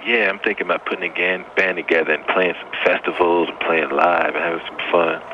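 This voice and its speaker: A man's voice: deep voice, steady tone, a little fast. A man in his fifties, an interview guest chatting in an easygoing, laid-back way. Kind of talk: casual interview chat. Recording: muffled lo-fi line with noise.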